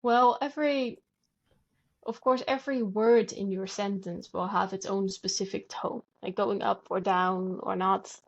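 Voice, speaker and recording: A woman explains things patiently and steadily, pausing now and then to demonstrate sounds aloud. Her voice sits at an ordinary pitch for a woman. The podcast audio is slightly dull and muffled. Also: fairly even intonation, gravelly. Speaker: guest language enthusiast. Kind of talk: conversational explanation.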